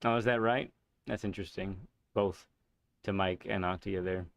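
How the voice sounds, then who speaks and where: A man hosting a live racing game stream, chatting casually with viewers in a relaxed, rambling way, with fillers and chuckles. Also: low voice, moderate pace, no room sound.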